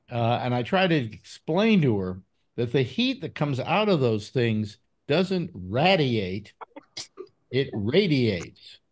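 Brief: older male host, loose rambling delivery, animated pitch. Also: slow pace, pauses often. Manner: rambling, with many fillers and restarts. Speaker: call-in show host. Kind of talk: casual panel chat.

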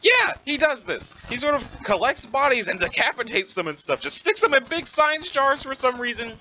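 A man voicing a calm, dry-witted teenage girl who speaks in a low, measured, deadpan way. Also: lo-fi sound, a little hiss or hum, exaggerated voice.

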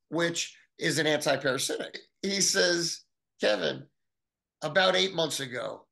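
A middle-aged man telling his own story in an interview, animated, acting out what others said to him. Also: vocal fry. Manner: animated, acts out quoted voices with big pitch jumps.

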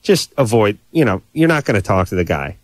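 A man's voice: lowish voice, big pitch swings, brisk, dry recording. A man hosting a call-in advice radio show, blunt and sarcastic, mixing jokes into his advice from a radio studio.

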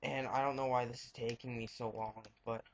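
A man's voice: mid-range voice, flat delivery, brisk, a little hiss or hum. A young man giving rambling, frank commentary over his gameplay and muttering reactions as he plays. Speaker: let's play gamer. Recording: dull lo-fi home mic.

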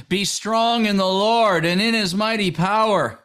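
A man with a high voice leads a fervent prayer, making declarations over his listeners. He speaks with passion, repeats his phrases and lifts them into exclamations. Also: a little fast, hardly any pauses, a bit bright, clear, resonant tone. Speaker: preacher making prayer decrees.

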